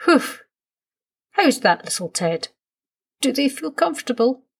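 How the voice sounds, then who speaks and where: A woman voicing a patient, gently firm father in a storybook reading, calm and reassuring. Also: sits high, normal speed, gravelly, husky, pitched above the performer's own voice, heavily acted.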